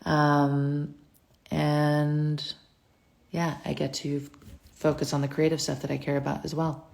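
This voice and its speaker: A woman with a low voice and a gravelly edge talks into her phone from home. She runs a casual livestream Q&A, reading viewer comments aloud and answering each one in a chatty, scattered way. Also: monotone, takes it slowly, a little mellow.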